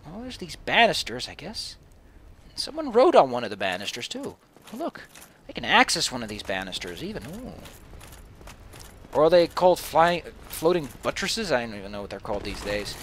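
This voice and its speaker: A man's voice: a little high, huge pitch swings, normal speed, fairly bright tone, a little hiss or hum. A man giving casual, profane, rambling commentary over a video game. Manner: rambling, profane, self-mocking. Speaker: gaming commentator.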